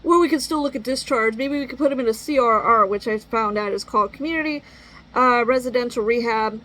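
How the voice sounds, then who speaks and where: A woman's voice: on the high side, fairly quick, a bit bright, poor audio. A middle-aged woman venting in an exasperated, blunt monologue and swearing freely. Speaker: parent venting.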